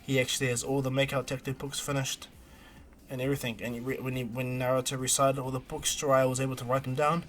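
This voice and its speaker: A male streamer narrates a fan fiction story in a rambling, animated way, restarting sentences as he goes. His voice sits in an ordinary mid pitch for a man. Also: quick pace.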